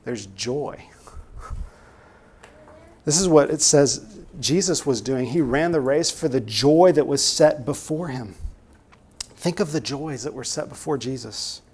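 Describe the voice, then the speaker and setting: A man's voice: mid-range voice, animated, unhurried, pauses often, darkish tone, husky. A man preaching a sermon, earnest and exhorting, with many direct rhetorical questions to the listeners.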